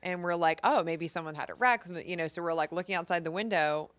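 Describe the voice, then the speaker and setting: A woman in her thirties co-hosting a casual talk show, telling stories with lively acted-out quotes. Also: lowish voice, quick pace. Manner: animated storyteller, acts out quotes. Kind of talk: casual chat.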